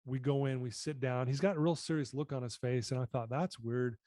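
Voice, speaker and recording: An earnest man recounts his personal story as a podcast guest. His tone is mellow and dark, and he often sinks to a quieter register. The sound is dry and close. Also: medium pitch, fairly even intonation, a little fast, no room sound. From United States. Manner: earnest, reflective, often drops voice.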